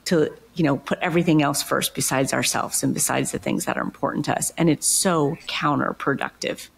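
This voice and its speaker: A woman hosting an interview podcast, a coach herself, agreeing warmly in casual talk and backing her guest with frequent affirmations. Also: deep voice, steady tone, a little fast, creaky, breathy edge. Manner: affirming, supportive, frequent "mm-hmm" backchannels.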